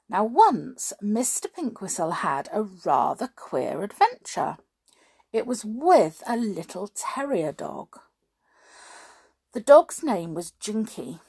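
A woman reading a children's story aloud, animated and chatting to her listeners. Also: medium pitch, slight background noise.

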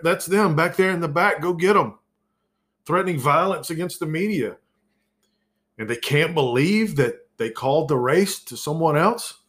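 Slow, profane ranting man. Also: a little high. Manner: profane, exasperated, sarcastic, loud outbursts. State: over-caffeinated. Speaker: podcast host. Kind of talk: solo podcast rant.

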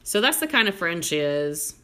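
A woman, hosting a podcast and telling stories in a casual, animated way full of "like" fillers. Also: lowish voice, normal speed, a little hiss or hum. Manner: animated storyteller, many "like" fillers. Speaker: podcast host. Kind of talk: casual chat.

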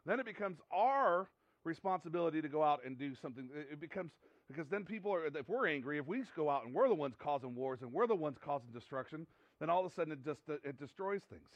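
A man's voice: fairly high pitch, animated, fast talker, no room sound, lo-fi sound. A man preaching a sermon in an earnest, conversational way, often repeating himself and restarting sentences. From United States. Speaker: pastor.

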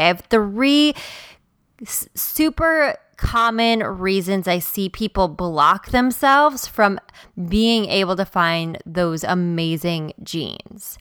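A woman hosting a solo podcast as a stylist, excitable and emphatic, prone to rambling. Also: mid-range voice, clean tone, no room sound.

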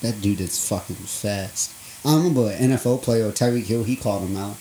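A man's voice: fairly low pitch, fairly quick, warm tone. A young man co-hosting a casual podcast, who laughs often and swears freely. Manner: laughs often, profane, swooping voice. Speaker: podcast co-host. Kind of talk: casual chat. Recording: roomy echo with faint noise.

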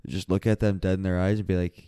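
A man's voice: low-pitched, level tone, quick pace, warm tone, clear, resonant tone, no echo, studio quality. A young man co-hosting a podcast, riffing on crude jokes in casual chat and laughing often. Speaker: podcast co-host.

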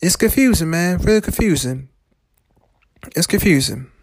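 A man's voice: sits high, expressive, moderate pace, no room sound. Angry man ranting, dry close sound. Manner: angry, profane, emphatic ranting; repetitive, building in intensity. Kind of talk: heated monologue to camera.

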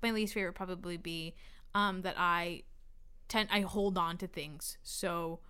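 Smooth-voiced young woman telling stories. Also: fairly low pitch, steady tone, a little slow, sharp tone. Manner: rambling, self-deprecating storyteller. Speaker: podcast co-host. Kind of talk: casual chat between friends.

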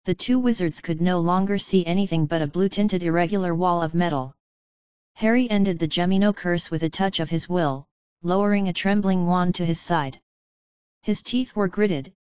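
A woman narrating an audiobook in a steady, even reading manner. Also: on the low side, smooth, no room sound, dull audio.

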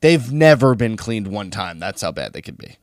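Sarcastic man with a lively voice. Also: lowish voice, moderate pace, dry recording, clean studio sound. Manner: teasing, sarcastic interjections. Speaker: podcast co-host. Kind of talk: casual chat.

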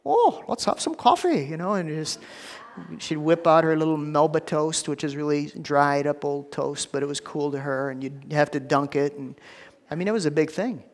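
A man delivers a sermon in an easy, conversational way, tripping over repeated words as he goes. His voice sits a bit high for a man. The sound rings with the long reverb of a large church hall. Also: level tone, moderate pace. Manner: conversational, repeats words, frequent "you know". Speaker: pastor.

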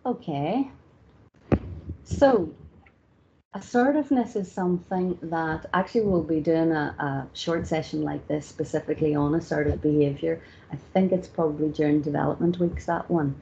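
A woman's voice: sits low, moderate pace, creaky, mellow. A woman leading a customer service training session, talking informally with plenty of "you know" and "sort of". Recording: slightly dull lo-fi recording with faint background noise.

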